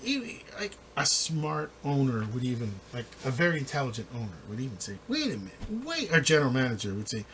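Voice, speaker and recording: A man's voice: mid-range voice, wildly swooping pitch, brisk, hardly any pauses, crowd noise. A man giving casual postgame football commentary, rambling with many restarts and laughing often.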